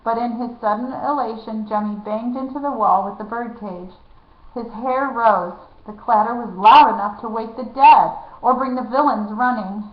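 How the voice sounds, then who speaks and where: A woman's voice: fairly high pitch, moderate pace. Woman reading a storybook aloud. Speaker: reader. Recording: echoey, dull lo-fi room.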